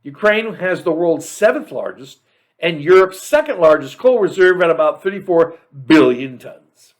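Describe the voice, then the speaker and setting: Sarcastic high-voiced male commentator. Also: animated, moderate pace. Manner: sarcastic, reads facts aloud with mocking asides. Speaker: show host. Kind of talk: political commentary monologue.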